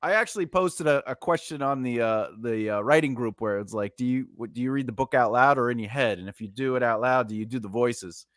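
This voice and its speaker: A man's voice: mid-range voice, a little fast, few pauses, a bit bright, no room sound, studio quality. A man co-hosting a livestream who jokes around and keeps slipping into silly voices and accents. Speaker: co-host. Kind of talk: casual livestream chat.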